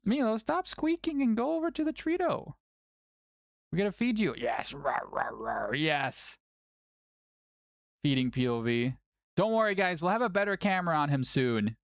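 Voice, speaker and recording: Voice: mid-range voice, big pitch swings, brisk, no echo, studio quality. A tournament stream host chatting casually and playfully, often cooing at a cat between updates. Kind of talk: casual livestream chat.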